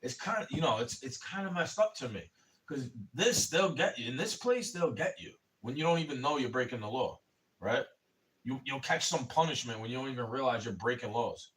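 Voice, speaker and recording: A man ranting on a livestream, rambling and swearing and calling the listener bro, getting louder in angry bursts. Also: medium pitch, lively intonation, a little fast. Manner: rambling and profane, keeps saying "bro"; angry, rising to shouting in bursts. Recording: voice a bit far from the mic.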